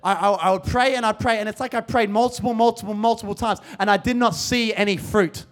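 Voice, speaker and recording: High-voiced fervent young preacher man. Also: fairly even intonation, fast talker. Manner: storytelling, building to fervent preaching. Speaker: youth preacher. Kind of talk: sermon.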